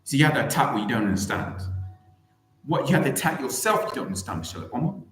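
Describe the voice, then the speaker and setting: A man's voice: mid-range voice, sing-song, racing, a bit bright. A man streaming, giving a rambling, mocking comedic commentary with lots of restarts. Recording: echoey room.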